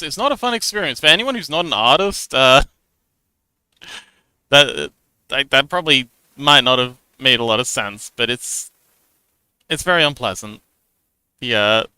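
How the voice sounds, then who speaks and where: A man's voice: mid-range voice, pushed and bright, clear, resonant tone, dry recording. A man livestreaming as an artist, chatting casually while he draws, rambling and self-deprecating, laughing often and muttering to himself as he works.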